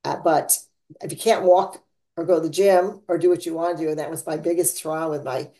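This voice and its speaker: Her tone is dark and steady and her delivery fairly quick as she hosts an easygoing podcast on faith. The woman wanders through topics, laughing, with dramatic shifts in pitch and volume.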